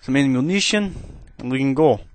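A man's voice: medium pitch, expressive, dry recording. Man with a cheesy fake Russian accent. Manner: broken, halting English with stumbles. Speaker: gaming commentator. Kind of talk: gameplay commentary. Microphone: headset.

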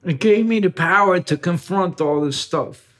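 A man's voice: high-pitched, moderate pace, a bit bright. A man telling a personal story as an interview guest, acting out quotes and knocking sounds. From New York City.

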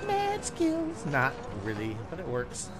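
A man hosting a gaming channel, chatting casually with friends while playing, excitable and prone to shouting and laughing. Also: fairly high pitch, slow pace, heavy background noise.

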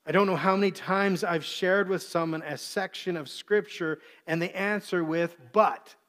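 Man, pastor, sermon, earnest, slightly high-pitched. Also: fairly even intonation, moderate pace, fairly bright tone. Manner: earnest, acts out quoted voices.

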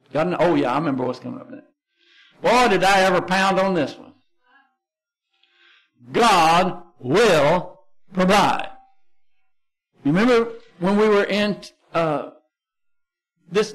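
A man with a Texan accent preaching a sermon as pastor, conversational and emphatic, slowing down to stress key phrases. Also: sits high, fairly bright tone, rough recording.

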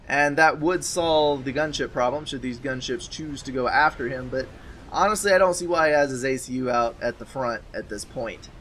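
A man's voice: a little high, fairly bright tone, a little hiss or hum. Man casting a strategy game, wry. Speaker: game caster. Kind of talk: game commentary.

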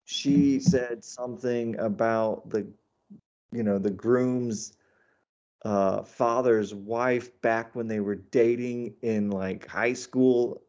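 A middle-aged American man, an author and comedian, chatting in an interview and telling animated stories with many fillers and restarts. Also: medium pitch, slow pace, muffled recording. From United States. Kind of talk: casual interview chat.

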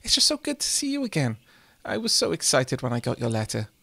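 A man voicing a doting, chatty elderly grandmother who fusses over her grandchild with rapid questions. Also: mid-range voice, wildly swooping pitch, vocal fry, pushed and bright, no room sound, heavily acted.

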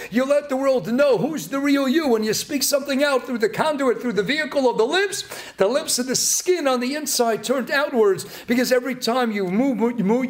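A man giving a Torah talk as a rabbi, emphatic and repetitive, with bursts of loud emphasis. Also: extremely high pitch.

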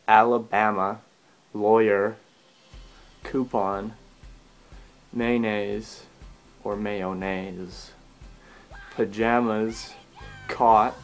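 A man from Alberta with a Canadian accent, chatting casually to camera and reading a list of words aloud with little asides. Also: fairly low pitch. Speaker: vlogger.

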